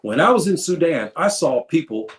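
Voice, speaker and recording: A man's voice: fairly high pitch, big pitch swings. A man giving an informal history lecture, calling his listeners brothers and sisters and often restarting his phrases. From United States. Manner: addresses listeners as brothers and sisters, halting with repeats. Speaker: history presenter.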